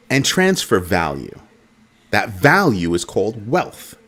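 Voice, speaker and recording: A man hosting a casual crypto commentary show, animated and jokey, repeating his points. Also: lowish voice, slow pace. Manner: animated, repetitive, jokey asides.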